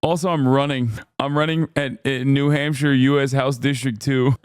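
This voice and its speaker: A man's voice: medium pitch, level tone, normal speed, a little hiss or hum. A man streaming casual reaction commentary, profane and sardonic, laughing often.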